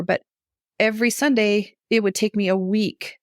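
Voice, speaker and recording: A middle-aged woman, a guest on a podcast, telling a personal story in casual conversation, animated, acting out her own reactions and laughing often. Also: medium pitch, normal speed, no room sound, clean studio sound.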